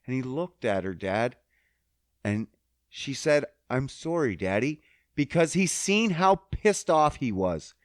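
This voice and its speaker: A man's voice: mid-range voice, big pitch swings, takes it slowly, no room sound, studio quality. A man hosting a podcast, ranting angrily with heavy profanity and sounding choked up. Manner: angry, heavily profane, emphatic. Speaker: podcast host. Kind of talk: emotional monologue rant.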